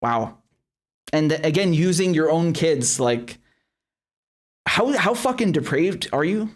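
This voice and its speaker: A man's voice: a little high, lively intonation, a little slow. A man hosting a live stream, commenting bluntly with heavy swearing and many restarts, then reading viewer chats. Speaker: show host.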